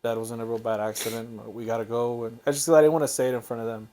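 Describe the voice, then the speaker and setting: A young man hosting a podcast, recalling a painful family memory in a halting, emotional way. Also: mid-range voice, slight background noise. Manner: halting, emotional, soft-spoken. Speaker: podcast host. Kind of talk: emotional personal storytelling.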